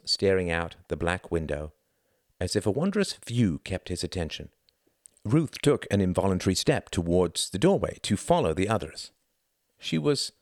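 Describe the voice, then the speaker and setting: Man narrating a novel, very low voice, lively expressive delivery, dry close sound. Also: no echo. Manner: measured storytelling. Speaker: audiobook reader.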